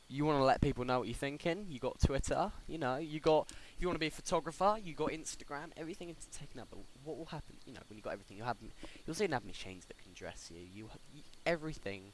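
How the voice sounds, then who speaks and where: A young man, talking casually on a solo podcast, rambling with lots of fillers and restarts. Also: mid-range voice. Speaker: podcast host. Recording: faint background noise.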